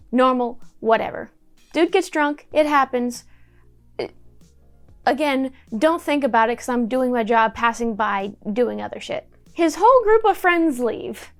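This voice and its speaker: A woman's voice: sits high, lively intonation, moderate pace, faint music behind. A young woman in a casual storytime vlog, chatty and wry, swearing freely while she tells what happened, filmed at home on a camera mic. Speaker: YouTuber telling a story.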